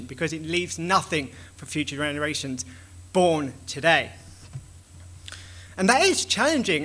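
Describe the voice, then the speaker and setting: A man with a high, bright and forceful voice delivers a conference talk. He speaks with animation and slips into little acted-out exchanges to make his points. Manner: animated, acts out dialogues with shifting voices.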